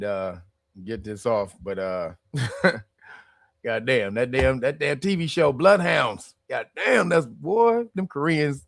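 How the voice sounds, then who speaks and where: A man's voice: mid-range voice, creaky, no room sound, studio quality. A man hosting a casual livestream with a strained voice, chatting in loose, profane banter and laughing often. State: strained voice from screaming. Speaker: livestream host.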